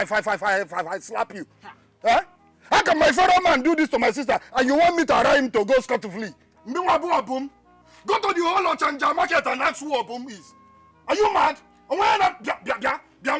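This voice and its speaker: An actor with a Nigerian accent playing a hot-tempered young man who stammers and shouts while defending his sister in a film. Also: extremely high pitch, lively intonation, fairly quick, soft background music. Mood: angry. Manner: stammering, shouting, repeats words. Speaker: actor playing a protective older brother. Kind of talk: Nollywood film acting.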